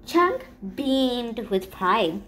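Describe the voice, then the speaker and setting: A woman reading a children's picture book aloud in a gentle, expressive storytelling voice. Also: fairly high pitch, extremely slow, a little hiss or hum. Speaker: storybook reader.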